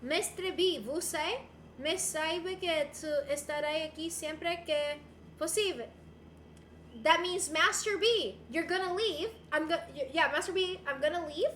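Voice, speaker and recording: A woman's voice: extremely high pitch, bright, forceful tone, a little hiss or hum. A young woman chatting casually on a livestream, answering viewer messages in a bubbly, giggly, playful way. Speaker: streamer. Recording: roomy echo.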